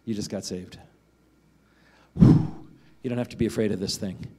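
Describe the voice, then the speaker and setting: A man's voice: lowish voice, steady tone, normal speed, warm tone, husky. A man preaching a sermon as a pastor, in a conversational way, often asking "right?" and acting out the voices of the people in the passage he reads.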